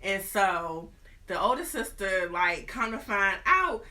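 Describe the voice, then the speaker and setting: Animated, slangy woman host. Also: mid-range voice, slow. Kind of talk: casual storytelling.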